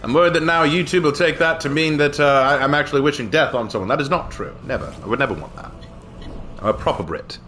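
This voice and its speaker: A man's voice: on the high side, quick pace, sharp tone, slight background noise. A gaming streamer, a man, chatting playfully through his gameplay in an exaggerated put-on British accent, tacking jokey slang tags onto his lines. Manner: chuckles often, jokey tags. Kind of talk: casual gameplay commentary.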